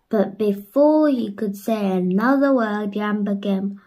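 Slow gentle woman reading a bedtime story. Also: medium pitch, rough recording.

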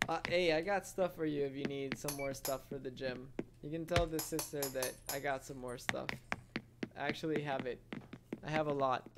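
A man casually commenting as a gaming streamer in an excitable, chatty way, reading and answering chat. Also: medium pitch, normal speed, heavy background noise. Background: loud music.

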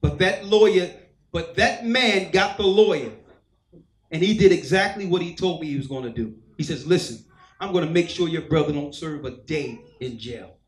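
A man with a high voice preaches a sermon, telling his own story and voicing the people in it. His voice rings through an echoey hall. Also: moderate pace. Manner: storytelling, acts out quoted voices. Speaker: church elder preaching. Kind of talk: sermon testimony.

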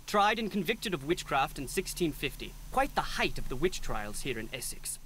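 A man's voice: fairly high pitch, very animated, normal speed, fairly bright tone, a little hiss or hum. An actor playing a formal, lecturing male historian in a video game, speaking. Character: pompous English male historian, scholarly. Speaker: researcher character.

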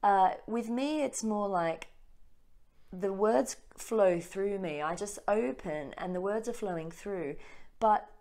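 A woman with an Australian accent, co-hosting a casual spiritual chat and talking quickly with many restarts. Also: medium pitch, darkish tone. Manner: fast-talking. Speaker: co-host.

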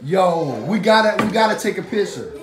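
A woman, animated and gasping during a family prank at home. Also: mid-range voice, moderate pace, echoey room, noisy background. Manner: animated, keeps gasping "oh my goodness". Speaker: family vlogger. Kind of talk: playful family prank vlog. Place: home living room.

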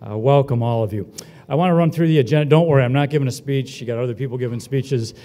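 A man warming up a crowd at a ceremony, breezy and self-deprecating, cracking jokes between announcements. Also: mid-range voice, quick pace. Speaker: event emcee. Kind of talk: joking welcome speech. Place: hotel ballroom. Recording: long hall reverb.

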